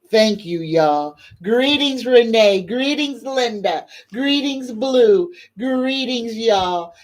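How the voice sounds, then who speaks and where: Woman, tarot reader, live stream host, slow, prayerful invocations, reads questions aloud. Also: on the high side, lively intonation. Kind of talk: livestream tarot reading with guided prayer.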